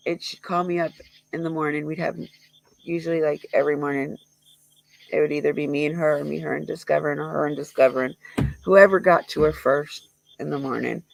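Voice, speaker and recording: Grieving livestreamer, gravelly creaky voice, halting and rambling, dry close sound. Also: medium pitch, no echo, poor audio. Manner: halting, rambling, with many fillers and restarts. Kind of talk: emotional memorial livestream talk.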